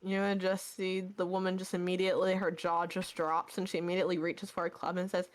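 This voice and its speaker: A woman running a tabletop game as game master, narrating in a quick, animated way. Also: lowish voice.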